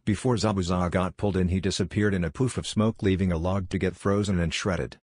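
A man reading a fan fiction story as scripted narration, in a steady, even way. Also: sits low, a little fast, few pauses, no echo, clean studio sound.

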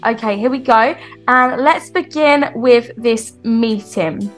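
A woman's voice: fairly high pitch, takes it slowly, faint music behind. A woman hosting a game role-play as a busy mayor mother who talks chattily and gets exasperated with her kids.

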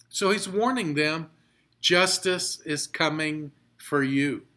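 A pastor teaching a Bible study, reading scripture slowly and explaining it with emphatic repetition. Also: male voice, fairly high pitch, sharp tone.

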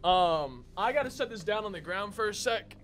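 A man's voice: high-pitched, animated, normal speed, fairly bright tone, slight background noise. A young man chatting casually to viewers as he unboxes a console, a bit out of breath. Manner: chatty, talks to viewers as y'all. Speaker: gaming YouTuber.

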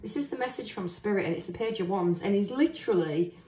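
A woman's voice: mid-range voice, animated, fast, dark tone. Woman reading tarot in an echoey room. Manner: chatty, earnest, thinking aloud with restarts. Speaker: tarot reader. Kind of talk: casual spoken tarot reading. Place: indoors, standing at a table of cards. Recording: roomy echo, voice heard from a distance.

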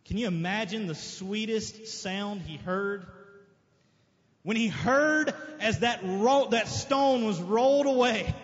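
A man preaching a sermon as pastor, emphatic, with sudden loud outbursts and quieter asides. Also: sits high, slow. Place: church sanctuary. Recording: dull lo-fi sermon recording with long hall reverb.

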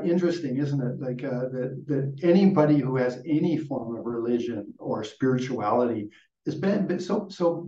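A man's voice: mid-range voice, dark tone. An older man, a Buddhist lama, giving a rambling dharma talk with a story, often restarting his sentences. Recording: dull, echoey room from far off.

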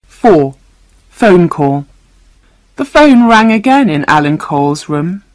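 Slow, low-voiced woman reading a story. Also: sing-song, a little mellow, dry recording, low-quality recording. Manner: slow, clear reading for learners. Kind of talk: scripted narration of a graded reader.

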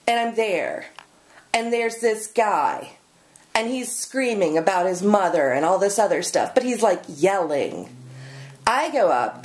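A woman poet ranting sarcastically in a casual video blog. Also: mid-range voice. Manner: exasperated, sarcastic. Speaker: poet and performer.

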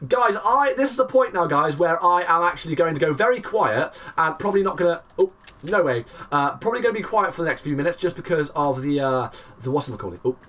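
Young gamer dude, talks fast and hyped, calling plays and saying hi to chat. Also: male voice, a little high, far from the mic. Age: 20s. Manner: excitable play-by-play, greeting chat viewers. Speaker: game streamer. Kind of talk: live gameplay commentary.

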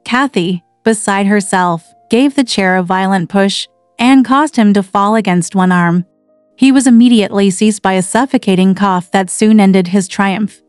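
A woman reading a classic novel aloud in a measured, even storytelling manner. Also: medium pitch, clean tone, no echo, studio quality. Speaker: audiobook narrator. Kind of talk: literary narration. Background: faint background music.

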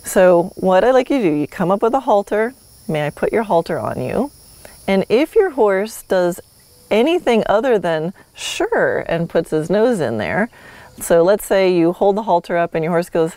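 A woman's voice: mid-range voice, lively intonation, moderate pace, warm tone, no room sound. A woman hosting a solo podcast, teaching horsemanship in a friendly, instructive way with light laughs.

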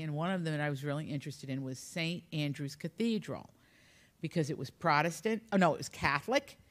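A woman author from Appalachia, telling humorous, rambling anecdotes in a relaxed conversation. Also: low voice. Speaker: author guest. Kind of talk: storytelling in conversation.

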